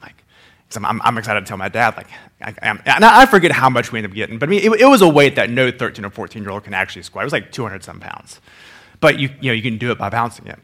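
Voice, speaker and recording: A man delivers a sermon, moving from a quiet prayer into a rambling personal story. He talks in a casual, conversational way, full of fillers and restarts, at an ordinary middle pitch. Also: big pitch swings, fast talker. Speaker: pastor.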